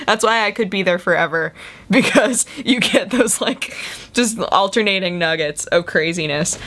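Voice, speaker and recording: A young woman talking casually to her camera audience. She rambles in an easy, chatty way and keeps slipping into exaggerated quoted voices that leap up in pitch. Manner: chatty and animated, acting out quoted voices with big pitch jumps. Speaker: vlogger.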